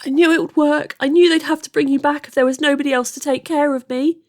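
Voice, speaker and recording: A woman voicing a spoiled, dangerous young girl who talks in a shrill, petulant way. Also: steady tone, quick pace, close to an everyday voice. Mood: smug.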